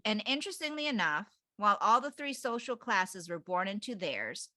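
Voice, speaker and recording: Bright-voiced woman podcast co-host. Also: mid-range voice, very animated, normal speed, dry recording, clean studio sound. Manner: reads passages aloud with hesitant fillers. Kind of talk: casual book club chat.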